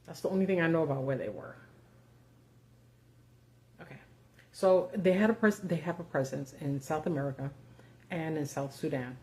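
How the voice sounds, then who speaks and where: A woman's voice: deep voice, normal speed, pauses often, dark tone. A woman hosting a live video, talking casually and sarcastically with lots of fillers and the odd swear word. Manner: casual and profane, sarcastic asides, many fillers. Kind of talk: casual live-stream commentary.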